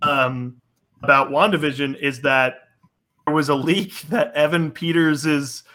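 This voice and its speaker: A man hosting a casual chat, excitable and quick to laugh. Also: a little high. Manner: excitable, laughs often, quick fan talk.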